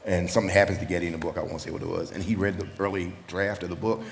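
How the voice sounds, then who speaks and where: A low-voiced man speaks on a live panel, joking and laughing as he goes. The hall around him leaves a long tail of reverb on his words. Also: flat delivery, racing, gravelly. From southern United States. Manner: jokey, laughs often. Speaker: author. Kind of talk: panel talk. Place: live event venue. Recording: reverberant hall with faint noise.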